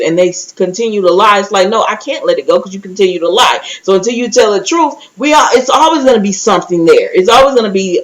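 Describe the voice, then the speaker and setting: A woman talking through a recap in a loose, conversational way, with a mid-range voice that is neither high nor low. She keeps the story moving with animated asides and quick little impressions of what other people said. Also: rough recording. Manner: quick acted-out quotes of others. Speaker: recap vlogger. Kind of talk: casual reality-TV recap.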